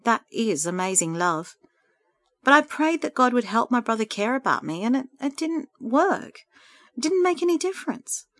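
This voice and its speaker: A woman reading aloud puts on a heartbroken, lonely woman in a storybook, her voice pitched up high and tearful. She pleads in anguish. The recording is close and dry. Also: very animated, normal speed, a bit bright, no room sound. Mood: dismal.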